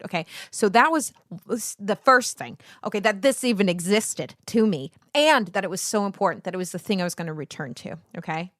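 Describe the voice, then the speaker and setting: A woman's voice: mid-range voice, brisk, no room sound, clean studio sound. Rambling, foul-mouthed woman singing teacher. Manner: rambling, profane, easily sidetracked; animated, self-mocking asides. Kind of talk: casual vlog monologue.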